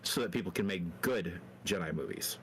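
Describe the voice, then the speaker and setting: A man's voice: deep voice, brisk, fairly bright tone, slight background noise. A man chatting on a gaming stream, musing and a bit hesitant. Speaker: co-player. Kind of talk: casual stream banter.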